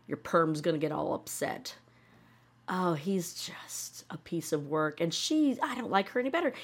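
A woman hosts a casual podcast, tearing into a TV show with sarcasm and swearing. Her voice sits a little low, and she breaks into mocking voices as she rants. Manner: opinionated, sarcastic, swears freely; animated, often acts out mocking voices. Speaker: podcast host reacting to a TV show. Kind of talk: casual reaction commentary.

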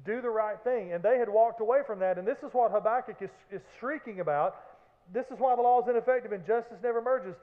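A man preaching a sermon as pastor, animated, with acted-out shouts and joking asides. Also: extremely high pitch, quick pace. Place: church sanctuary. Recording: echoey hall, phone-like band.

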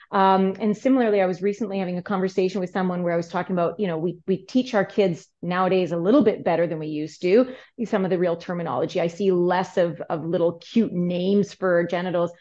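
A middle-aged woman speaking as a therapist guest on a podcast, explaining earnestly and growing animated when telling stories. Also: fairly low pitch, lo-fi sound. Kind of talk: podcast interview.

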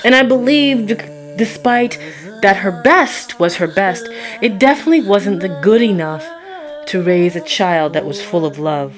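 Woman narrator from Toronto, mid-pitched, reflective personal storytelling with weighty pauses. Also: expressive, a crowd in the background. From Toronto, Canada.

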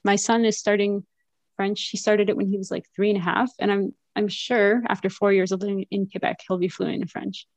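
A woman in her thirties talks as a podcast guest in a loose, chatty way, full of fillers and quick laughs. Her voice has a gravelly, creaky edge. The recording is dry and close, with no room sound. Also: medium pitch, level tone, no room sound. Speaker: podcast guest, French teacher and mother. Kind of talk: casual conversational interview.

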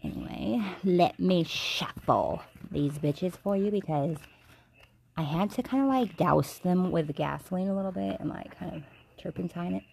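A tipsy woman hosting a comedic tarot reading stream, rambling and swearing in a jokey deadpan way. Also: lowish voice, moderate pace, vocal fry, slightly rough. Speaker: host.

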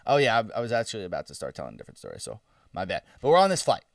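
A man's voice: on the low side, racing, creaky, no room sound, clean studio sound, far from the mic. A man in his twenties telling a story in casual chat, swearing and laughing as he goes. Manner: animated, swearing, laughing, acts out screams.

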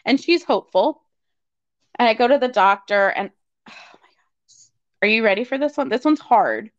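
A woman appears as a guest in a conversation, telling a personal story with lots of fillers and acting out quoted dialogue. Her voice is on the high side, animated and a little fast, captured in a slightly dull lo-fi recording.

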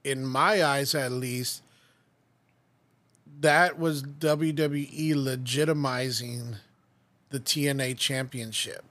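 A man's voice: medium pitch, fairly even intonation, slow pace, pauses often, fairly bright tone. A man co-hosting a wrestling podcast, telling a rambling story full of fillers, restarts and swearing in casual chat. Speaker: podcast co-host.

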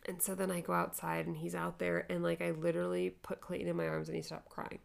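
Gravelly-voiced young mom telling stories. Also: female voice, lowish voice, little pitch movement, quick pace. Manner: chatty storyteller, acts out quoted voices. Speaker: podcast co-host. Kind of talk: candid casual chat.

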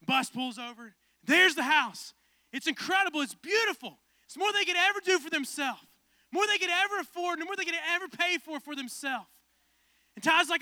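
Male pastor, 20s, storyteller turned fervent preacher; very high pitch, dry close sound. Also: moderate pace, no room sound. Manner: casual, animated storytelling building to fervent preaching. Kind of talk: storytelling sermon.

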